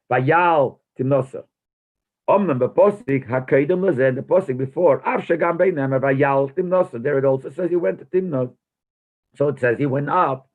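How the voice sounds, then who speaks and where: A rabbi teaching a text-study class. He reads a phrase aloud, then translates and explains it, posing questions as he goes. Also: mid-range voice. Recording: tinny phone-like lo-fi recording.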